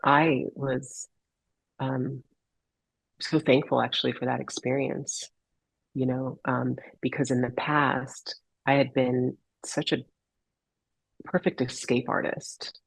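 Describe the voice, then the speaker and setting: Woman guest sharing her life story, earnest, searches for words, husky voice. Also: a bass voice, little pitch movement, slow pace, long pauses, dry recording, rough recording. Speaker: podcast guest, holistic healer. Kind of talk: heartfelt personal story in a podcast interview.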